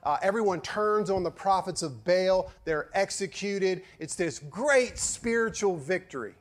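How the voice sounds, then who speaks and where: Male pastor, dramatic storyteller, slightly higher voice, sarcastic edge. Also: lively intonation, a little slow. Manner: storytelling, sarcastic, swings from loud to hushed. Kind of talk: sermon.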